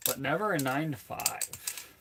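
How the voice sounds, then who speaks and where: A man's voice: on the high side, measured pace, noisy background. A man from Minnesota chatting casually on a livestream, rambling and joking as he reads chat aloud. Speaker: streamer.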